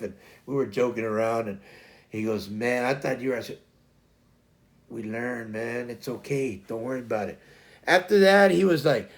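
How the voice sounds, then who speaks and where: A man hosting a casual livestream, rambling through a work story and acting out both sides of the conversation. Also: mid-range voice. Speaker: livestream host.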